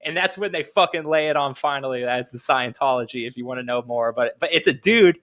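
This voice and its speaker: A man's voice: mid-range voice, a little fast, fairly bright tone. Laughing man telling rambling stories. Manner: rambling anecdotes, laughs often, swears. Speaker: podcast co-host. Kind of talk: casual storytelling chat.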